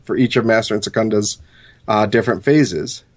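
A man's voice: on the low side, a little fast. A man co-hosting a podcast, reading lore notes and rambling with many fillers when he explains. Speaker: podcast co-host.

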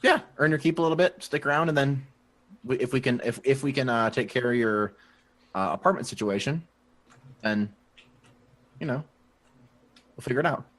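A man's voice: mid-range voice, moderate pace, long pauses, fairly bright tone. A man playing in a tabletop game, chatting casually and stammering through his lines. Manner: stammering, laughs often between lines. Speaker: player.

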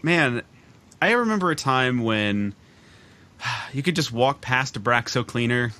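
Man, gaming podcast co-host, laid-back, laughs often, bright voice, call mic. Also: medium pitch, expressive, measured pace. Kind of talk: casual gaming podcast chat. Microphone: remote call mic.

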